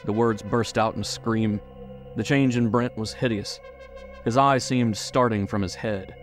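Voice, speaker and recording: A man narrating a horror audiobook in a measured, suspenseful way. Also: on the low side, fairly even intonation, soft background music.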